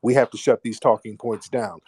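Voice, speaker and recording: Casting: brash male call-in host, blunt, mocking, mid-pitched voice, dry close sound. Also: fairly even intonation, brisk, darkish tone, slightly rough, no room sound. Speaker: show host. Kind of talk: live call-in commentary.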